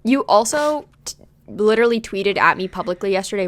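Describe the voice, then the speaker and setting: A woman's voice: mid-range voice, lively intonation, a little fast. A young woman co-hosting a podcast, chatting casually with dry jokes and lots of "like". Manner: chatty, dry joking, frequent "like". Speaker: podcast co-host.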